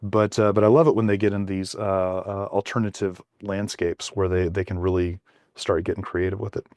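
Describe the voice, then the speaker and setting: Low-voiced guy co-hosting a podcast, lots of ums and restarts, dry close sound. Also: level tone, a little mellow, dry recording. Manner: halting, many fillers and restarts. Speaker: podcast co-host. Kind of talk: casual chat.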